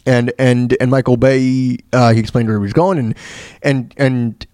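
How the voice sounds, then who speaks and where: A man's voice: medium pitch, fairly even intonation, moderate pace, darkish tone, dry recording, clean studio sound. A man hosting a radio show, telling stories in a rambling, casual way with many fillers and restarts. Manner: laughs at his own retold jokes. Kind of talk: casual storytelling monologue.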